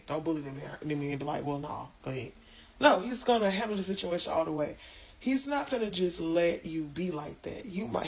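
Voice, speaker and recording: Woman, informal devotional speaker; earnest delivery, some vocal fry. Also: on the low side, darkish tone, poor audio. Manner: earnest, informal, stumbles over words; reads scripture aloud haltingly. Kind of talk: casual devotional talk.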